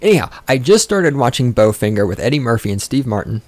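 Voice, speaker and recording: A man's voice: mid-range voice, big pitch swings, fast talker, a little mellow, no room sound. A man hosting a podcast, ranting in a rambling, profane, sarcastic way and getting sidetracked easily. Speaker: podcast host. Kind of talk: rambling casual rant.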